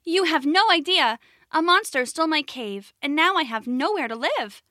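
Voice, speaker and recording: Woman doing a high-voiced nervous little rabbit. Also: lively intonation, normal speed, bright, forceful tone, no room sound, clean studio sound. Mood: worried. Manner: high, breathless, worried. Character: anxious little female rabbit.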